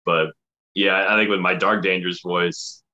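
A man's voice: deep voice, flat delivery, normal speed, pushed and bright, muffled recording. A man, an animator who voices his own cartoon characters, chatting casually and laughing often. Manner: laughs often, loose rambling delivery. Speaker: animator and voice actor. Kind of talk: casual chat.

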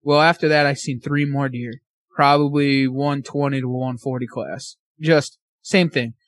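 A man telling a hunting story as a podcast guest, animated, acting out his own and his friend's words. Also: medium pitch, unhurried, no echo.

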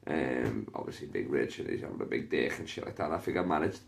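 A man's voice: a bass voice, animated, fast, vocal fry. A comedian with a Liverpool accent, telling stories on his podcast in a loose, rambling, sweary way, full of fillers. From Liverpool, England. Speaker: stand-up comedian and podcast host. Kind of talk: casual podcast storytelling.

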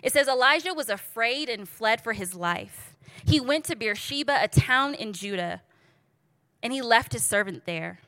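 Lively woman preaching, bright voice. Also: on the high side, moderate pace, dry recording. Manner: lively, joking, addresses the audience directly. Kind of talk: casual storytelling sermon.

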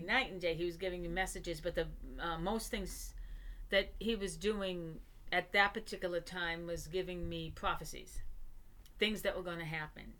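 Female interview guest, bright forceful tone, hesitant delivery, lots of ums. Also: lowish voice. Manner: hesitant, halting with many fillers. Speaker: guest psychic medium. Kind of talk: conversational interview.

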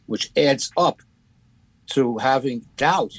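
A man co-hosting a podcast, critiquing a documentary in a casual, halting way with many fillers and restarts. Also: medium pitch, slightly rough, no echo, poor audio. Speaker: podcast co-host.

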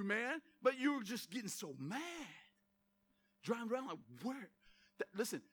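A man preaching an energetic sermon in a church, speaking straight to the congregation with emphatic repetition. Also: very high voice. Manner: fired-up, addresses congregation directly, emphatic repetition. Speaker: pastor. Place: church sanctuary.

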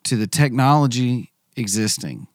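A man's voice: mid-range voice, moderate pace, no echo, clean studio sound. A man making a careful point in a casual podcast conversation. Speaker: podcast guest.

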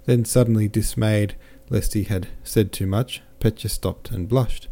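A man narrating a classic novel as an audiobook in a steady, measured reading. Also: on the low side. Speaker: audiobook narrator and podcast host.

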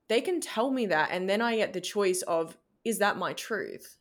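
A woman's voice: medium pitch, lively intonation, normal speed. A woman podcast guest who coaches shadow work coaches, talking candidly in a casual interview, with plenty of "like" and the odd swear word.

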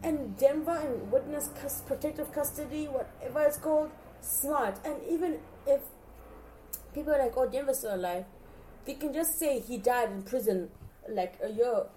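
A woman's voice: high voice, mellow, slight background noise. A young woman in casual reaction chat, talking straight to her viewers and acting out her own reactions with gushing emotion. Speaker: vlogger reacting to a TV series.

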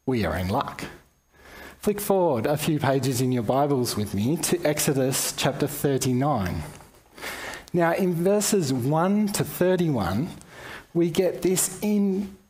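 A man's voice: a little high, a little mellow. A man with an Australian accent giving a conversational Bible teaching, with casual asides to his listeners. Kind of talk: sermon-style Bible talk.

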